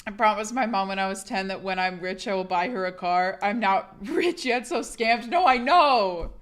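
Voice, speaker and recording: A young woman streamer with a hoarse, husky sick voice, rambling casually to her chat and swearing a lot. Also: medium pitch, moderate pace.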